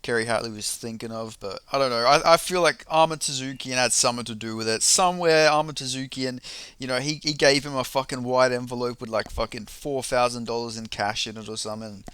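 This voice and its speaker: A man's voice: medium pitch, fast talker, fairly bright tone, clean tone, no echo. A young man in a casual vlog, ranting about fights in a profane, rambling, heated way. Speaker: MMA commentator.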